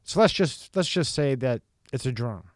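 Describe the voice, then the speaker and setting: A man in casual podcast talk, blunt and full of profanity, who drives the conversation with questions. His voice sits at a middle pitch. The recording is dry and close. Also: lively intonation, moderate pace, no echo. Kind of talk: casual chat.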